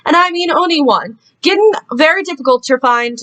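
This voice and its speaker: A woman's voice: sits high, lively intonation, fairly quick, fairly bright tone, pitched above the performer's own voice. Lady doing a big grumpy gamekeeper guy, growly, bit of a drawl. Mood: gruff. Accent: southern-tinged put-on. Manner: gruff, growling. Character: big gruff male gamekeeper, warm-hearted.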